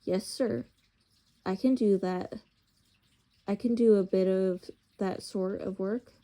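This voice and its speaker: A woman voicing a humble male London cabbie with a Cockney accent, talking slowly and hesitantly. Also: medium pitch, steady tone, mellow. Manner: hesitant, slow, self-effacing.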